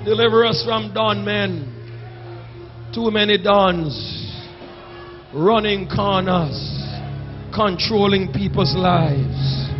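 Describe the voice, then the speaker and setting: High-pitched shouting Jamaican preacher. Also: male voice. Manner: shouting, drawn-out exhortation, singsong pleas. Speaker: bishop and senior pastor. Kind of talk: fiery preached sermon with call and response. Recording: dull lo-fi church recording with music.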